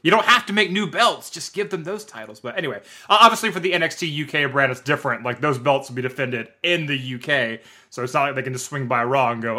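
A man's voice: medium pitch, fairly quick, few pauses, pushed and bright. An American man hosting a podcast, chatting casually and joking with laughs. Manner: laughing, jokey. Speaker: podcast host. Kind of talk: casual chat.

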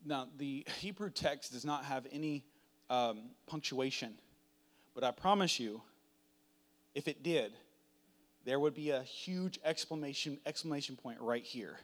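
A man preaching a sermon in a dramatic, chatty way, swinging from hushed to loud. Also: medium pitch, unhurried. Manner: conversational, uses "like" often.

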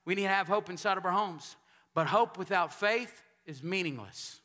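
A man from Texas, a pastor preaching a sermon in a church sanctuary, telling stories and building up to shouted calls for amens. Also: high voice, moderate pace.

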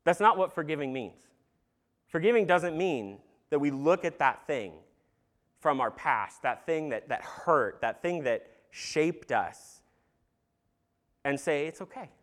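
A man's voice: on the high side, expressive, slow pace. Man preaching an earnest, casual sermon. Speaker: pastor.

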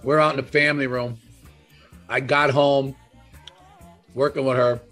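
A man's voice: medium pitch, flat delivery, measured pace, a bit bright. Middle-aged male podcast co-host, casual storyteller, swears a lot, faint music bed. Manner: profane storytelling, lots of "I was like" and "you know". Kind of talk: casual chat.

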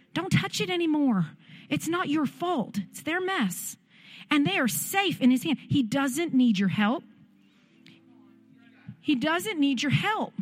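A woman pastor preaching and praying fervently at a church service, with music behind her. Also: high voice. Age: adult parent. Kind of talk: sermon and prayer.

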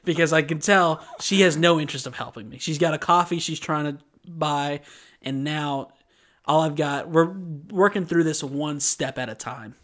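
Animated storytelling man, slightly high voice. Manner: rambling animated storyteller, acts out quotes. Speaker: podcast co-host. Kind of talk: casual chat, anime recap and storytelling.

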